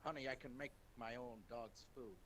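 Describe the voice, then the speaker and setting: A man's voice: medium pitch, steady tone, normal speed, fairly bright tone, a little hiss or hum. A man in casual stream chat, blunt, profane and teasing.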